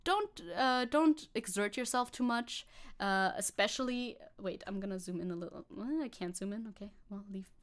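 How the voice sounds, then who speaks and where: A woman's voice: mid-range voice, normal speed. A woman streamer giving casual sarcastic commentary as she reads posts aloud, laughing often and rambling with restarts.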